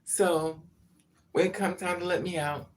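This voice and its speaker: A woman casually telling a personal story on a vlog, frank and profane, laughing as her voice swings between loud outbursts and hushed asides. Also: lowish voice, fairly even intonation, unhurried, slight background noise. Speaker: vlogger.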